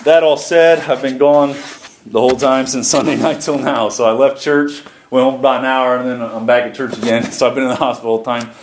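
A man's voice: mid-range voice, fairly even intonation, fairly quick, noisy background. A man pastoring from the pulpit, telling a testimony in a folksy, conversational way with frequent chuckles. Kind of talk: sermon testimony. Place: church sanctuary. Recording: echoey church room, faint music.

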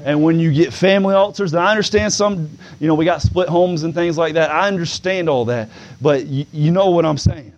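A man preaching a sermon to a congregation. He moves from easy conversational talk to loud, drawn-out preaching with calls of "come on now". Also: on the high side.

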